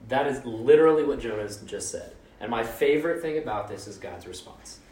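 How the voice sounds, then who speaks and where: A man's voice: mid-range voice, lively intonation, a little fast, darkish tone. A man giving a casual, conversational sermon, informal and joking, with mock voices for quotes. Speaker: preacher. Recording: roomy echo, mic at a distance.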